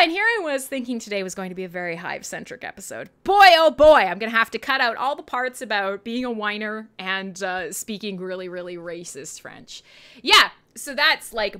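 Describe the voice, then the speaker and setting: A young woman from Canada hosts a casual livestream show, rambling between topics and laughing often. Her voice is bright and jumps lively up and down in pitch. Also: clear, resonant tone. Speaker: livestream radio host. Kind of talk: casual livestream chat, reading chat questions.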